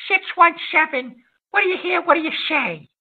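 A man playing a hot-tempered male call-in show host who stammers and loses his temper quickly. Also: very high voice, loud music behind the voice. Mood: flustered. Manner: flustered, stammering, quick to rage. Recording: lo-fi phone-like sound.

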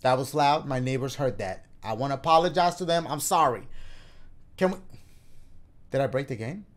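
A man's voice: mid-range voice, normal speed. A man giving playful let's-play commentary on a video game, joking around and freestyle rapping along to the beat. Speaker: gaming YouTuber. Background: game music.

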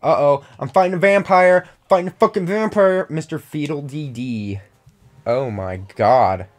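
A man's voice: fairly high pitch, unhurried. A man giving crude, joking commentary while playing a video game with a friend. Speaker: gameplay commentator. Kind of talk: casual gaming commentary.

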